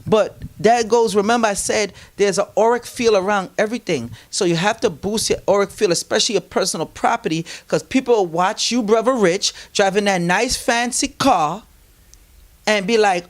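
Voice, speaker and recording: A man with a high voice, speaking at normal speed, is being interviewed and tells his stories with animation. He lively acts out the voices of the people he quotes, laughs mid-story, and offers spiritual advice.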